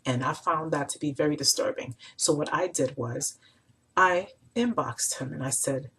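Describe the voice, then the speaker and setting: A woman vlogger and mother in her thirties, talking casually to camera and retelling an online exchange with indignant, animated quoting. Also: low-pitched, moderate pace, slight background noise, rough recording. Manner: animated, indignant, retells chats with mimicked quotes.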